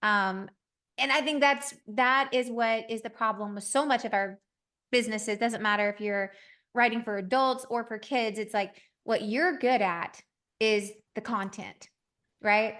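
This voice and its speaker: A woman podcast host in her thirties, telling a story in a lively, conversational way and acting out the dialogue. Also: on the high side, unhurried. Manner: animated, acts out quoted dialogue.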